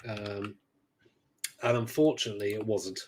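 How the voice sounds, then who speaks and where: A man's voice: fairly low pitch, fairly even intonation, normal speed, darkish tone, a little hiss or hum. A man hosting a casual podcast chat, talking in a rambling, hesitant way with dry sarcasm. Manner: rambling, hesitant, many fillers and restarts; dryly sarcastic. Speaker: podcast host.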